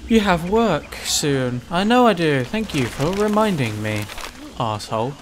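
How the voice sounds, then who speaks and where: Brief: gaming host, fairly high voice, foul-mouthed ranting, game sounds underneath. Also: male voice, big pitch swings, measured pace, noisy background. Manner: sweary, ranting, sudden shouted outbursts. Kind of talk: let's play commentary.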